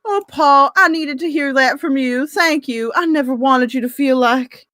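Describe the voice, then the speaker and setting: A woman's voice: high-pitched, normal speed, bright, forceful tone, dry recording, voice pushed up. A woman reading the lines of a dramatic young romance heroine, hamming them up in a raised, overwrought voice. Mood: pleading.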